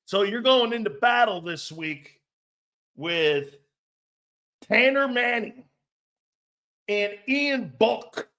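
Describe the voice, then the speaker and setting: A man's voice: high voice, lively intonation, slow pace, long pauses, sharp tone. A man hosting a sports talk show, rambling and joking with frequent laughs, blunt and a bit profane.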